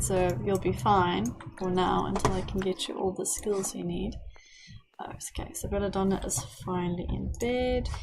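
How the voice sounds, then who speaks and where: A woman's voice: mid-range voice, noisy background. A woman, chatting casually to her game characters as she plays. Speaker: let's play host. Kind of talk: casual gameplay commentary.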